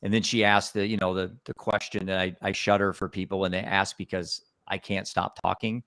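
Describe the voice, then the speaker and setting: A man's voice: sits low, little pitch movement, brisk, fairly bright tone, no echo, clean studio sound. A man, a guest on a talk show, telling a personal story in an earnest, emotional way. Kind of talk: storytelling in a conversation.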